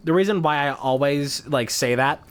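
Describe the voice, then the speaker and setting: A man streaming a game, rambling and swearing casually as he thinks out loud. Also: a little high, normal speed. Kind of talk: casual gameplay commentary.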